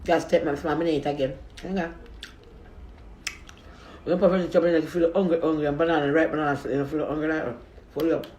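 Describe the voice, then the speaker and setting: Talking fast but pausing often, a food vlogger with a slightly high, steady, somewhat mellow voice chats to his audience mid-meal, drifting from thought to thought with his mouth full. The echoey room recording carries a little hiss or hum.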